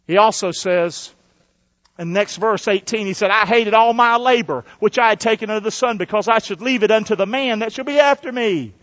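A man's voice: sits high, brisk, a bit bright, dull audio. A male pastor preaching a sermon and calling for responses from the congregation.

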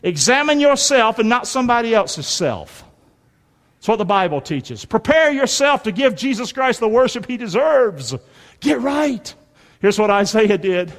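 A man's voice: high voice, big pitch swings, normal speed. A man preaching a folksy, emphatic sermon in a church and calling on the congregation to answer back. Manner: folksy and emphatic, calls for response. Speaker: pastor. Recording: long reverb of a large hall.

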